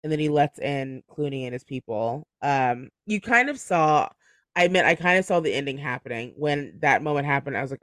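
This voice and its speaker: A man's voice: medium pitch, expressive, a little fast, a bit bright, dry recording, clean studio sound. A man hosting a book club podcast, chatting casually, laughing often and filling his speech with "like". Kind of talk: casual chat.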